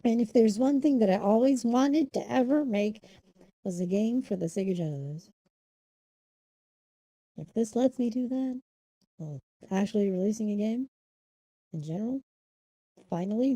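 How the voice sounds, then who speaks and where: A woman's voice: a little high, normal speed, pauses often, dark tone, no echo, poor audio. A young woman streaming live, chatting casually and apologizing for her hiccups on a close desk microphone. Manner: chatty, apologetic, laughing, humming to herself.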